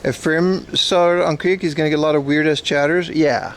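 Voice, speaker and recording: Guy on a walking irl stream, kinda high voice, faint street noise, just chatting w chat. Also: steady tone, a little fast. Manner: chatty, joking, reads and answers chat. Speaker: livestream host. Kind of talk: casual IRL livestream chat. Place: outdoors on a city street.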